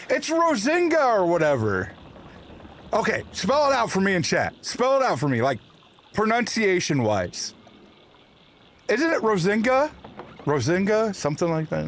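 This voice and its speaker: A man streaming a video game from his home setup, talking casually and teasing himself with quick laughs. His voice sits a little high for a man and swings up and down a lot as he jokes with chat. A faint hiss of background noise runs under the desk-mic sound. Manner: playful and animated, laughs at himself. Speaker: livestream host. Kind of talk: casual chat while gaming.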